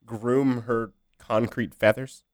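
A man's voice: mid-range voice, little pitch movement, takes it slowly, no room sound, studio quality. A man co-hosting a casual podcast, telling a story hesitantly with many restarts and laughs. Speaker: podcast co-host. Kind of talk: casual chat.

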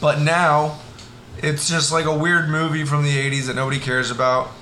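A male podcast co-host who riffs and jokes crudely in casual chat. His voice is slightly higher than average and bright. It echoes noticeably around a roomy space. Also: little pitch movement, moderate pace, slight background noise. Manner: joking, crude, riffing storyteller.

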